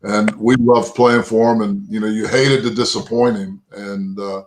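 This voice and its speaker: A man's voice: fairly low pitch, steady tone, normal speed, a little hiss or hum, rough recording. A man in his fifties from Texas, a former pro football lineman telling rambling, folksy anecdotes as an interview guest, often tagging "right?" and "you know". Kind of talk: interview storytelling.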